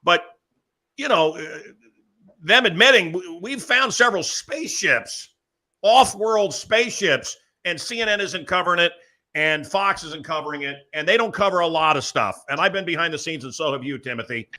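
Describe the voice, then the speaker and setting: Guy hosting a talk show, bright tense voice, fired up and emphatic, dips quiet then loud again. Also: on the high side, brisk. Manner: animated, emphatic, swings between loud bursts and asides. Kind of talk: excited talk show chat.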